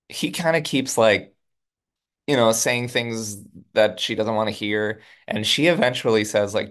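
A man co-hosting a podcast, casually recapping a TV episode and quickly acting out the characters' lines. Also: fairly low pitch, fairly bright tone. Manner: retells scenes with quick quoted lines. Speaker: podcast co-host.

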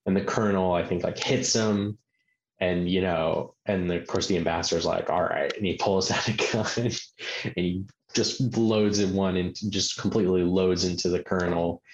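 A deep-voiced man talks through a film in loose, rambling sentences, leaning on "like" again and again. His voice sits in a roomy, slightly muffled recording with faint hiss underneath. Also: fairly even intonation, normal speed. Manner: rambling, heavy use of filler "like". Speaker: podcast co-host. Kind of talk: casual film discussion.

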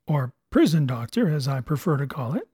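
Man reading as a brisk gentleman doctor, crisp educated speech, dry scolding, a bit high and husky. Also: sing-song, no echo. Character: brisk, fearless male ship's doctor, gentleman.

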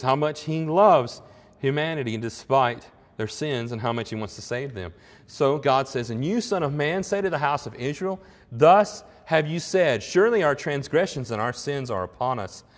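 Male pastor, mid-pitched, earnest conversational preaching, long hall reverb. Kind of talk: sermon.

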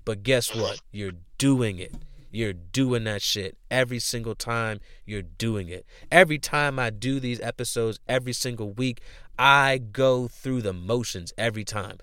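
A man's voice: medium pitch, unhurried, pushed and bright, smooth, no room sound, clean studio sound. Profane, emphatic man hosting a podcast. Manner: profane, repetitive, slangy and emphatic. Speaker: podcast host. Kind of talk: casual motivational talk.

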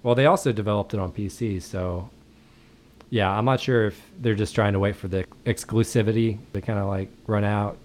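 A man's voice: on the low side, fairly quick, slight background noise. A man co-hosting a gaming podcast, chatting casually with a lot of hesitant fillers. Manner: relaxed, hesitant, with many fillers. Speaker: podcast co-host. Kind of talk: casual chat.

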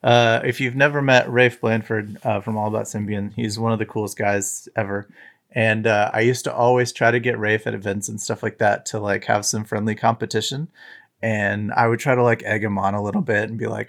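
A man's voice: fairly low pitch, fairly even intonation, normal speed, fairly bright tone. A man on a podcast as a guest, reminiscing casually in a rambling way, full of fillers and restarts. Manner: rambling, filler-heavy storytelling. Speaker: podcast guest, tech site founder.

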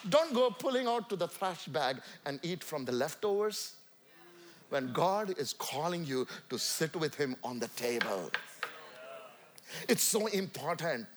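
A man with an Indian accent preaching a sermon to a church congregation, swinging from loud calls to quiet asides. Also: fairly high pitch, very animated, measured pace. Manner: emphatic, rising and falling between loud calls and quiet asides. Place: church sanctuary.

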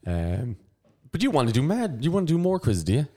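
A man's voice: a little high, huge pitch swings, brisk, dark tone. A man co-hosting a podcast, trading banter and telling stories about running pub quizzes, acting out what people said. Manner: banter-heavy storyteller, acts out quotes. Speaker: podcast co-host and pub quiz host. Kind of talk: casual chat.

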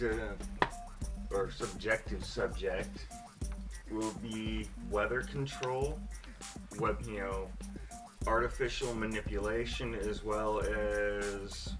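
A low-voiced man with a dry, joking manner, sitting a bit away from the microphone. Music runs clearly in the background. He draws out his words when he introduces a subject. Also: recorded from a distance. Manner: wry, joking, slow and deliberate when introducing. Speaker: podcast host. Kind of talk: casual chat.

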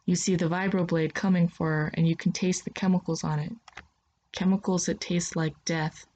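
A woman narrating a second-person story in a soft, steady voice. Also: on the low side, normal speed.

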